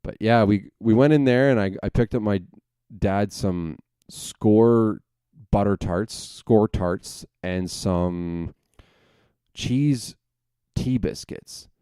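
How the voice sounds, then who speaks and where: A young man rambling through a story as a podcast host, swearing freely and correcting himself mid-sentence. His voice sits low and mellow, and it comes across smooth and resonant. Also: no room sound. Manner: rambling, profane, full of self-corrections. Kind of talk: casual storytelling monologue.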